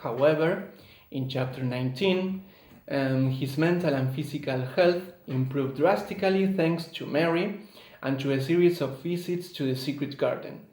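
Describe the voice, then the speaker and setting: A man student giving a read-aloud academic presentation, measured and hesitant, pausing often with fillers. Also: a little high, a little mellow, reverberant, low-quality recording.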